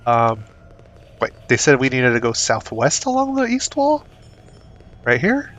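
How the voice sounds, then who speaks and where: A man streaming a game, chatting casually, reacting excitedly and reading game text aloud. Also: mid-range voice, a little slow. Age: adult, not young. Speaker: gaming streamer. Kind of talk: casual let's-play commentary.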